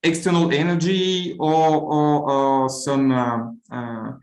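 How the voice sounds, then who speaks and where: A man's voice: on the high side, flat delivery, takes it slowly, roomy sound, rough recording. A man giving an academic seminar talk as lecturer, speaking earnestly and often repeating words as he searches for them. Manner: earnest, with frequent stuttered word repeats.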